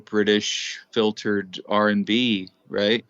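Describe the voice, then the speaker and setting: Low-voiced musician, dry and muffled. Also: male voice, little pitch movement, slow pace, fairly bright tone, dry recording. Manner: thoughtful, hesitant, many fillers. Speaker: musician guest. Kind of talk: casual conversation.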